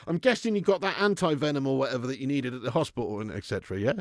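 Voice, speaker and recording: A man hosting a live football fan stream, chatting excitably, swearing freely and laughing as he reacts and thanks viewers for donations. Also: medium pitch, fast, hardly any pauses, no room sound, clean studio sound. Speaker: football fan channel host.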